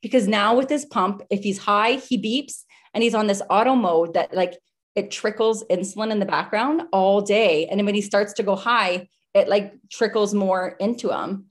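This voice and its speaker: A woman's voice: mid-range voice, normal speed. A woman in her thirties, a podcast guest, telling a story in a casual, chatty way over a video call, with lots of filler words. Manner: chatty, with many "like" fillers and breathless retelling.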